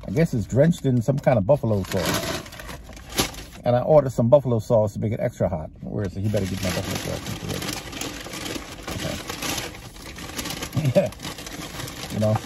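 Sitting in his parked car with the engine running, a man with a Texas-sounding drawl films a casual eating vlog, chewing as he talks in a chatty, rambling way. His voice is on the low side at a moderate pace, with long pauses and a noisy background.

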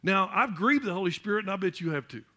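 A man delivers a church sermon in a high, sharp, forceful voice. He builds steadily to loud, emphatic peaks and often repeats a word while reaching for the next. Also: animated, fast talker. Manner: repeats words while searching for the next one. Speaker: pastor.

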